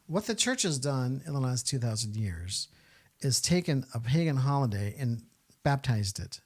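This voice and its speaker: Animated man hosting a faith podcast. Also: medium pitch, normal speed. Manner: animated, rhetorical questioning with many fillers. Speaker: podcast host. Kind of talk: casual Catholic podcast chat.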